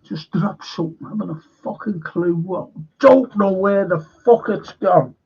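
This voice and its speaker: A man with a somewhat high, husky voice talks slowly and bluntly on a casual film-review livestream, swearing freely and sounding frustrated and in pain. The audio is dull and lo-fi. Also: darkish tone. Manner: blunt, rambling, swears a lot.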